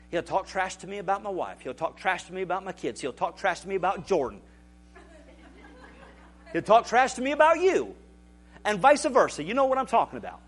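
A man preaching a sermon as pastor, animated and building to shouts. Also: high voice, a little hiss or hum.

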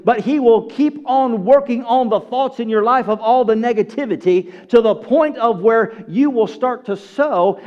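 High-voiced man preaching a sermon. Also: muffled recording. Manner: preaching with sweeping swings from loud high bursts to hushed low phrases; calls out to the congregation. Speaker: pastor.

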